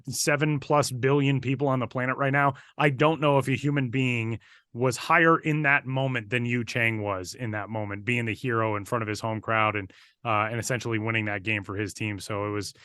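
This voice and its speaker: A man tells a story on a podcast in a casual, lively way. His voice is bright and forceful. The sound is dry and close, with no room around it. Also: medium pitch, brisk, no echo. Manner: animated, building excitement while recounting. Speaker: podcast co-host and broadcaster.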